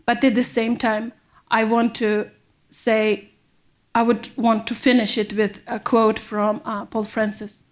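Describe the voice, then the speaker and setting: A woman's voice: fairly high pitch, flat delivery. Earnest woman from Kyrgyzstan. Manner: earnest, emotional, halting non-native phrasing. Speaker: panel speaker. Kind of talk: personal testimony at a public event. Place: university event hall.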